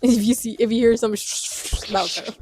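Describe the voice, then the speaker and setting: A woman's voice: a little high, fairly even intonation, fairly quick, a little mellow, breathy edge. A woman co-hosting a casual fan podcast, enthusiastic and emphatic, repeating phrases for stress. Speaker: podcast co-host.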